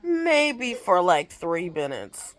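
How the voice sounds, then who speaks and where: A woman rambling through a story about her toddler, exasperated and animated, breaking off to scold kids nearby. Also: lowish voice, slow pace. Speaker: mother vlogging.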